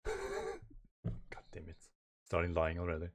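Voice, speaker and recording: A man hosting a reaction video, reading a comic aloud with excitable, self-mocking asides. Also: on the low side. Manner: excitable, laughs at himself, quick asides. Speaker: reaction channel host.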